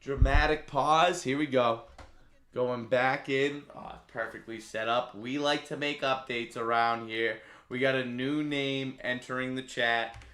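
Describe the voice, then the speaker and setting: A man hosting a live stream, calling a race play-by-play with sudden loud outbursts and casual banter. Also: mid-range voice, fairly even intonation, unhurried, reverberant. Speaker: stream host.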